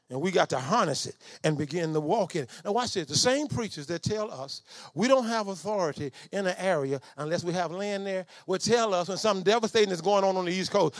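A middle-aged man preaching a storytelling sermon. His voice sits high and has a gravelly fry to it. The sound is close and dry, and he jumps from quiet asides to shouted commands. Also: fast talker, no room sound. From Southern United States. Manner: animated, swings from low asides to shouted commands.

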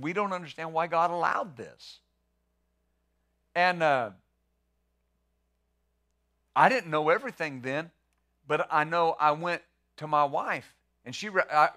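Middle-aged male pastor, bright and forceful, a bit high, talks his sermon like a chat and repeats words. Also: expressive, moderate pace, long pauses. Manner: conversational preaching with rhetorical questions.

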